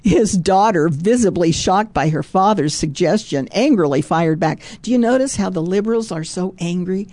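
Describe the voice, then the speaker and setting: A woman with a lowish, warm voice leads a devotional teaching, reading a story and stopping often to add her own comments. She repeats key phrases for emphasis and drops in "praise God" between passages. The sound is dry and close, with no room around it. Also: lively intonation, moderate pace, few pauses, dry recording. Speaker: Christian devotional speaker.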